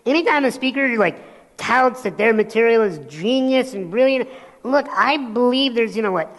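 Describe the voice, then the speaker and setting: A male motivational speaker giving an animated keynote, telling stories and acting out voices in a large hall. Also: sits high. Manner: animated storytelling, acts out voices. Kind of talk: keynote talk on stage. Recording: long hall reverb.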